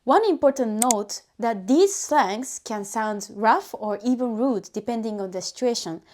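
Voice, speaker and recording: Woman teacher, fairly high, mellow voice, patient step-by-step explainer. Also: animated, a little slow, a little hiss or hum. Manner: patient, methodical explaining with spoken examples. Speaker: language teacher.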